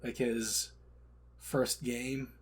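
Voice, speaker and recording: A man co-hosting a casual podcast chat, joking and swinging between loud and soft. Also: mid-range voice, flat delivery, drawn-out words, slightly rough. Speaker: podcast co-host.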